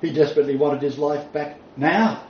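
A man preaching a sermon, reading scripture aloud and stressing key points with deliberate emphasis. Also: a little high, steady tone, a little mellow, slight background noise. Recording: distant mic, roomy echo, dull sound.

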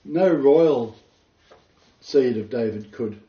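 A man's voice: medium pitch, takes it slowly. A man leading an informal Bible study, explaining scripture in an earnest, detailed way. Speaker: Bible teacher. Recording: roomy, distant, dull lo-fi sound.

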